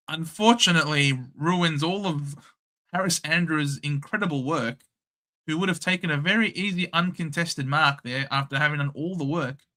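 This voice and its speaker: A young Australian man hosting a casual live watchalong, calling the play in a chatty, excitable and blunt way. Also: a little high. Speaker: host. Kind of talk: casual live match commentary.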